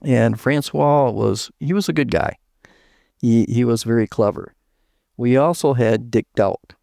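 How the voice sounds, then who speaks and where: Older man, gravelly voice, rambling anecdotes, dry sound. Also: medium pitch, a little slow, dark tone, no echo. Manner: rambling anecdotes with restarts and laughs. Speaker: guest, retired chief engineer. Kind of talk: storytelling interview.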